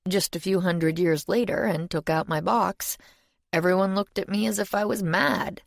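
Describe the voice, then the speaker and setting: A woman's voice: lowish voice, steady tone, normal speed, creaky, no room sound. A woman voicing an urbane, genial old demon. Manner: polite, dry, gently world-weary. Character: genial ancient male demon, urbane, chain-smoking.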